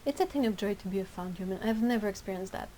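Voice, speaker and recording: A woman's voice: mid-range voice, fast talker, mellow, a little hiss or hum, rough recording. A woman hosting a casual livestream, chatting and reacting to viewers' comments with frequent laughter. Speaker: livestream host and artist.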